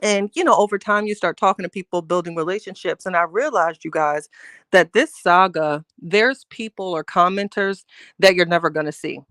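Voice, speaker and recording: A woman's voice: lowish voice, moderate pace, a bit bright, no echo. A chatty middle-aged woman, hosting a casual live stream and greeting viewers with pet names. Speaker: livestream host greeting chat.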